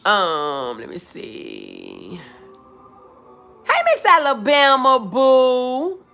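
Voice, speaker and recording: A woman's voice: a little high, wildly swooping pitch, very slow, vocal fry, pushed and bright, faint music behind. A woman hosting a casual livestream, chatting with viewers in the comments and calling them boo and baby. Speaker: livestream host. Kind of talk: casual live chat reading comments.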